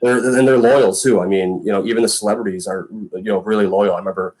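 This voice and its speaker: A man's voice: on the low side, steady tone, fast talker, darkish tone, breathy edge. A man in his thirties, a former punter guesting on a podcast, telling stories in a rambling way full of fillers and quoted lines. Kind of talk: casual storytelling chat.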